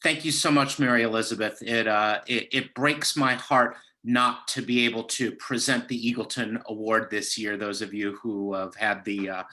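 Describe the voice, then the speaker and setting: A man's voice: lowish voice, fairly even intonation, normal speed, hardly any pauses, bright, forceful tone, poor audio. A man giving an impassioned political speech over a video call, rallying his audience with a repeated, building cadence. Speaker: candidate speaking at a party gala.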